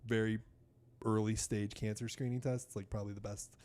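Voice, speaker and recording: Speaking briskly in a lowish voice, a thirty-something American guest on a podcast tells a casual, animated story, swearing as he does voices for the doctors he's quoting.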